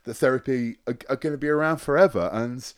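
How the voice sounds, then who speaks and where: A man as a podcast guest, talking in a rambling, halting way and swearing often. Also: mid-range voice, smooth. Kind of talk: casual chat.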